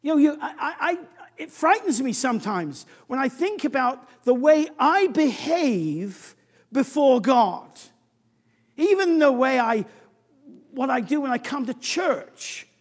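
A preacher delivering a sermon in a church, swinging from booming emphasis to a near-whisper, often restarting and repeating words. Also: very animated, normal speed, big-room sound.

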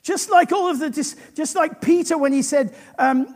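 A man preaching a sermon, animated and often restarting his sentences. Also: extremely high pitch, brisk, hardly any pauses.

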